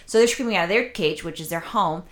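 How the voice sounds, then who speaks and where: A woman's voice: on the low side, quick pace. A woman co-hosting a casual chat, telling a rambling story with crude language and lots of swearing. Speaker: podcast co-host.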